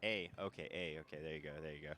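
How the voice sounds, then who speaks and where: A man co-hosting a raid stream, commentating casually, laughing often and getting excitable. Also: very deep voice, very fast. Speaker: stream co-caster.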